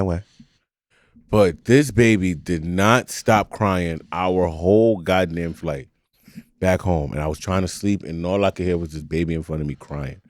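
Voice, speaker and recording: A low-pitched man holding forth on a casual podcast, ranting with plenty of swearing and laughter. The sound is close and dry, with no room around it. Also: dry recording. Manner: animated ranting, profane, laughs a lot. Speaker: podcast co-host. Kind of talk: casual chat.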